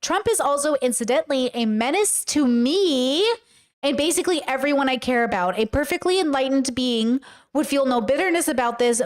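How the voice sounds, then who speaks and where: A woman livestreaming, reading a text aloud and reacting with emotional, exclaiming commentary. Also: high-pitched. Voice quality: tearful at times. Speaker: streamer reacting to a video.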